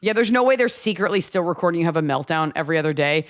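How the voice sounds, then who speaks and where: A woman's voice: fairly low pitch, rapid-fire. A woman in her thirties hosting a podcast, chatting casually with jokes and acted-out voices. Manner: animated, jokey, acts out voices. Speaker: podcast host. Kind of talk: casual comedic chat.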